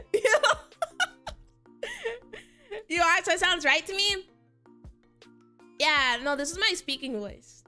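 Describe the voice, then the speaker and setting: A woman's voice: extremely high pitch, lively intonation, slow pace, long pauses, bright, forceful tone, soft background music. A young woman VTuber chatting casually on stream, answering chat and laughing often.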